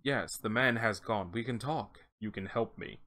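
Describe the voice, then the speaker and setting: A reader voicing a posh, disembodied male voice hiding in a drawer, speaking in a low, hushed, coaxing way. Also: normal speed, lightly acted. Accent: posh British.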